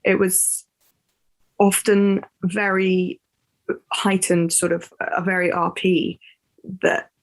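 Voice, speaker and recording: A woman's voice: lowish voice, level tone, slow, long pauses. A young woman hosting a podcast, chatting casually with frequent laughs and hesitant fillers. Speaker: podcast host. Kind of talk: casual chat.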